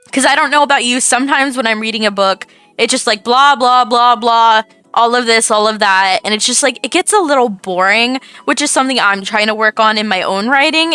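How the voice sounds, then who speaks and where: A woman's voice: on the high side, sharp tone, clean tone, dry recording. A young woman chatting casually as she reviews a book, gushing and repeating herself.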